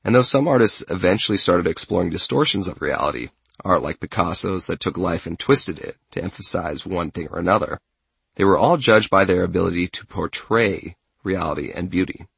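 A man narrates a written essay in a measured, steady way. His voice sits very low and has a gravelly, husky edge. The sound is dry and close, with no room echo. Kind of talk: scripted narration.

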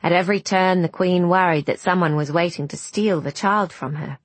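A woman giving scripted storybook narration of a fairy tale, measured, gentle and deliberate. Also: on the low side, steady tone, no echo.

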